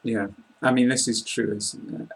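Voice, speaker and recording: British host, husky, fairly flat delivery, easygoing. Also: male voice, mid-range voice, normal speed, low-quality recording. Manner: easygoing, lightly joking. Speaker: host, English teacher. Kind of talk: casual interview chat.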